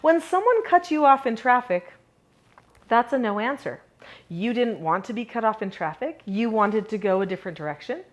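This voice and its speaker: A middle-aged woman teaching a parenting lesson to camera, upbeat and moving between animated and calm delivery. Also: on the high side, moderate pace. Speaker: parenting educator.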